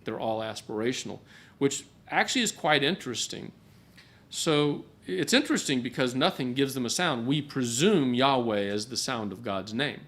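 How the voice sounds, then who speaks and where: A man's voice: medium pitch, lively intonation, moderate pace, a bit bright. A man teaching a Bible class at a church gathering, talking in a conversational way and often repeating a word as he restarts a thought. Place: gathering hall.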